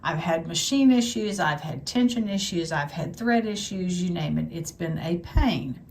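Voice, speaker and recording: A woman with a gravelly, fairly low voice walks through a quilting design one step at a time. She talks plainly and practically, thinking aloud as she works. She sounds like she is in her quilting workspace at the machine. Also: expressive, normal speed, slight background noise. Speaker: quilting teacher. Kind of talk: step-by-step tutorial.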